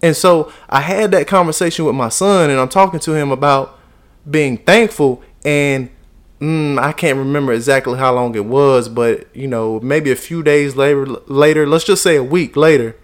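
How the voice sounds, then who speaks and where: A man's voice: fairly high pitch, fairly even intonation, normal speed. A man hosting his own motivational podcast, talking in an earnest, rambling way with many restarts and repeats. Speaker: podcast host. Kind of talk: motivational monologue.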